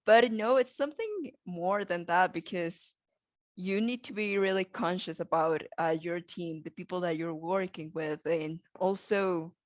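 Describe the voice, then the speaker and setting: A woman's voice: on the low side, unhurried, no room sound, clean studio sound. A woman co-hosting a business podcast in a casual, hesitant way, often trailing into fillers. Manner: hesitant, many fillers and restarts. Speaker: podcast co-host.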